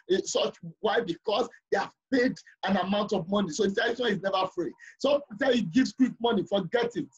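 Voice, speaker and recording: A man's voice: sits high, fast talker, few pauses, husky, lo-fi sound. A man teaching a live class, emphatic, repeating his points and often asking the learners if they follow. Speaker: lecturer.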